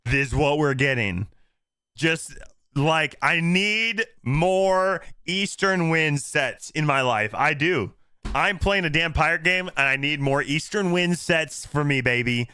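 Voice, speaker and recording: A man streaming and reacting to a game trailer, talking in an animated, mock-pleading, joking way. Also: on the high side, slow pace, clean tone, no room sound.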